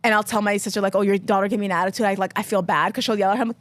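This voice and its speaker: A woman's voice: mid-range voice, steady tone, racing. A young woman comedian co-hosting a casual podcast, talking candidly and acting out quoted lines in a joking way. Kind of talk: casual chat.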